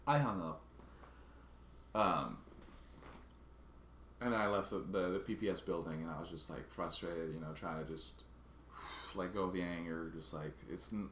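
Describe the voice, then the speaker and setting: Low-voiced man, halting vlog storytelling. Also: fairly bright tone, roomy sound, slight background noise. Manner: halting, restarts and repeats words while recounting a grievance. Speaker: vlogger.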